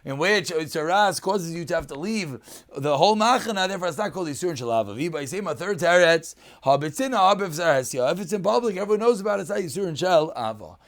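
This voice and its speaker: A man's voice: high-pitched, animated, fast talker. A man teaching a daf yomi Talmud lesson. He reads Aramaic phrases and explains them in English.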